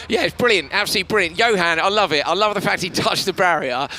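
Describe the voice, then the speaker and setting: Hoarse, bright-voiced man commentating. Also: sits high, fast talker, a little hiss or hum. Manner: chatty, emotional, laughs often. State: hoarse, tired voice. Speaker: rallycross commentator. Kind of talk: casual live broadcast chat.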